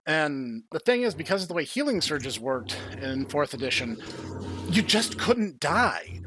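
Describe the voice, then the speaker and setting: A man hosting a casual podcast, telling stories in a chatty way with quick filler-laden asides. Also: a little high, big pitch swings, sharp tone, slight background noise. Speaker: podcast host.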